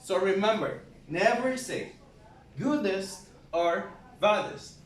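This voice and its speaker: Slow high-voiced man teaching a lesson. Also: animated. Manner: slow, repetitive, explains step by step. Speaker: English teacher. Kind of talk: grammar lesson. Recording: roomy, from far off, faint noise.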